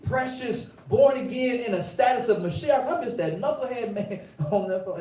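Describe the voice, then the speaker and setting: A man's voice: very high-pitched, animated, normal speed, hardly any pauses, dark tone, roomy sound, recorded from a distance, poor audio. A man preaching a sermon in a rhythmic, colloquial way, repeating phrases as he builds his points.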